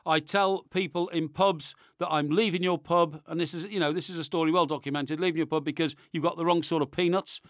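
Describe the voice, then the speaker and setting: A man's voice: a little high, fairly even intonation, a little fast, few pauses, no echo. A man with a studio microphone, talking in comic banter in an indignant, rambling way with stammered restarts.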